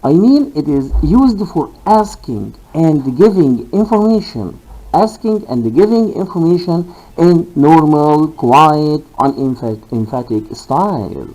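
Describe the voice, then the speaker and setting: Slow, lively-pitched male teacher. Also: rough recording. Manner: deliberate, repeats key phrases, fillers. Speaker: linguistics teacher. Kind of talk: recorded lecture.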